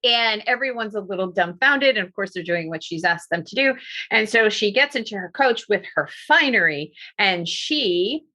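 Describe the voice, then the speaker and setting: A woman storyteller telling a folk tale in a lively, animated way, with asides to her listeners. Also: medium pitch, normal speed. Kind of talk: oral storytelling performance.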